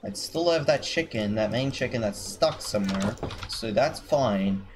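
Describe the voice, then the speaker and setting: A gamer doing let's-play commentary swears constantly and grumbles at the game's animals. The voice is mid-range with lively intonation and an unhurried pace, and the recording is noisy with keyboard typing.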